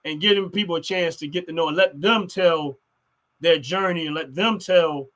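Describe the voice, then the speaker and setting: Bright-voiced man chatting. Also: on the high side, moderate pace. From Philadelphia. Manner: rambling, fills with "you know what I mean". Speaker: podcast co-host. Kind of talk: casual chat.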